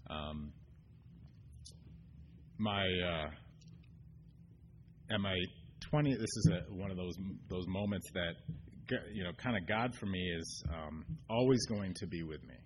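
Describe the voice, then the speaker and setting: Man, very low voice, earnest recovery share, halting with ums, faint hiss behind. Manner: halting, many ums and restarts; earnest, getting choked up. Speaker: AA meeting speaker. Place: meeting room.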